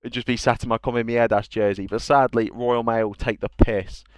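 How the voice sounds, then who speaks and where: A man's voice: medium pitch, steady tone, fairly quick, dry recording. A man hosting a casual livestream awards show for a gaming league, chatting in banter and reading out lists of player names. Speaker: esports league host.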